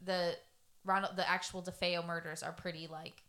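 A woman's voice: on the low side, little pitch movement, moderate pace, pushed and bright. A young woman co-hosting a true-crime podcast, chatty and loose, with many fillers. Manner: chatty, lots of fillers and laughs. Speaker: podcast co-host. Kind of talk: casual true-crime chat.

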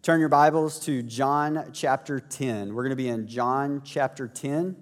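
A man, a pastor telling a family story in a sermon with lively asides to the congregation. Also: mid-range voice, unhurried. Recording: echoey hall.

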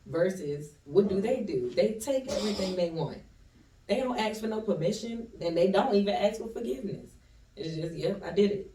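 An earnest, opinionated man talking through his views in a casual group conversation. His voice sits a little higher than usual and has a warm, mellow tone. The mic is some way off, so the room echoes around him. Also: lively intonation, moderate pace, far from the mic. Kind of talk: casual chat. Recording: roomy sound from off-mic.

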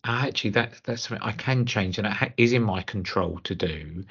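A man with a lowish, husky voice hosts a podcast chat, thinking aloud and closing his points with little tag questions. The sound is muffled and lo-fi. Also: brisk, fairly bright tone. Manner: reflective, tag questions like "isn't it?". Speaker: podcast host. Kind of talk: conversational podcast interview. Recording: dull lo-fi podcast audio.

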